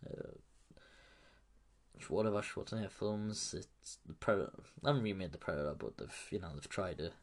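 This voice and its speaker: A man's voice: low-pitched, a little fast. A man giving a loose, chatty film recap, laughing and swearing as he goes. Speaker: film reviewer.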